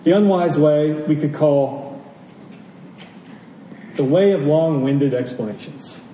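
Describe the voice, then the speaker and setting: A pastor delivers a sermon in a warm, fairly high-pitched voice, speaking slowly and emphatically while posing rhetorical questions and repeating key phrases. He sounds distant from the mic in a roomy space, with faint ambience and slight background noise.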